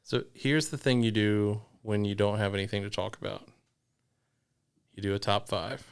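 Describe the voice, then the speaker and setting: Man, smooth voice, lowish pitch, wry deadpan podcast chat. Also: normal speed. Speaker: podcast co-host. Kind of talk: casual chat.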